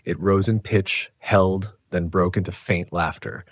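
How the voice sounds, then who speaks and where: A man narrating a scripted horror story in a measured, tense way. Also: deep voice, fairly even intonation, dry recording, clean studio sound.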